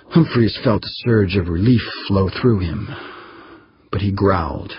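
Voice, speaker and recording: A man with a husky voice reading a story aloud as narrator, giving the characters slightly different voices. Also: low-pitched, expressive, measured pace, dull audio. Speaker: audiobook narrator. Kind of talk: scripted narration.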